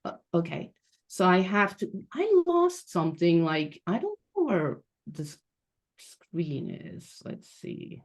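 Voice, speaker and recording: A woman from Switzerland giving a reflective, measured personal storytelling talk as a guest speaker over a video call. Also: lowish voice, wildly swooping pitch. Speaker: guest speaker, transition coach.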